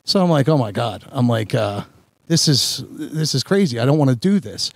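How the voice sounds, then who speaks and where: A man's voice: mid-range voice, moderate pace, gravelly, breathy edge, no echo. Rambling storyteller man, dry close mic. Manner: rambling, animated storytelling with many restarts. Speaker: podcast host. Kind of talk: casual storytelling chat.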